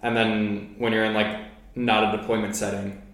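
A man's voice: lowish voice, flat delivery, moderate pace, a bit bright. A young man and podcast host telling army stories in a casual, swearing way, full of "like" fillers. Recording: very echoey room.

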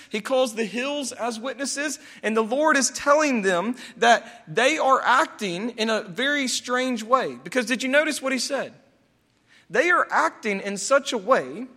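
A man preaching in a church, his voice unusually high and bright with a sharp edge. He is animated, jumping into raised, pleading voices when he quotes people. A long hall reverb trails every phrase. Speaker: pastor. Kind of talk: sermon.

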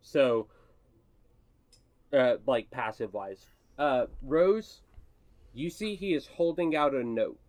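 A man narrating as game master for a tabletop game, talking in an unhurried, conversational way. His voice is close and dry, with no room sound. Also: mid-range voice, lively intonation, a little mellow, no echo. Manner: loose and conversational.

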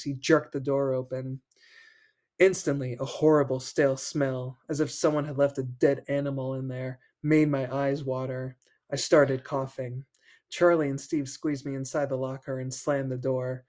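A man's voice: medium pitch, a little mellow. A man hosting a podcast, reading a children's horror book aloud and breaking off for joking asides, laughing between passages. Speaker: podcast host.

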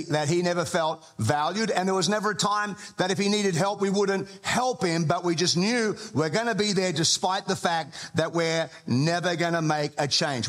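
Male pastor, slightly high voice, chatty and humorous sermon delivery. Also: fairly bright tone. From Australia. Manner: conversational storytelling with humour.

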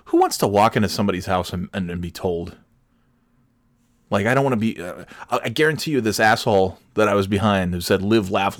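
Profane ranting man, low dry voice. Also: dry recording. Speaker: podcast host. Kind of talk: solo comedic rant.

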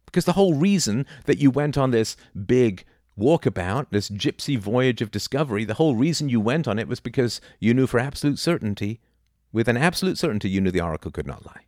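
A middle-aged man talking casually about philosophy, animated, dipping into mocking impressions. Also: mid-range voice, fast talker, dry recording, studio quality. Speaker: podcast host.

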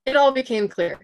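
A woman's voice: high-pitched, darkish tone. A woman in her thirties from Minnesota with a Minnesotan accent, chatting as a podcast guest and laughing often as she tells stories. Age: 30s. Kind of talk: casual storytelling chat.

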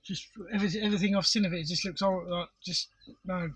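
A man's voice: high-pitched, fairly even intonation, rapid-fire, fairly bright tone, breathy edge, dry recording, poor audio. A man in a casual podcast chat, blunt and sweary in his banter. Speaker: podcast co-host.

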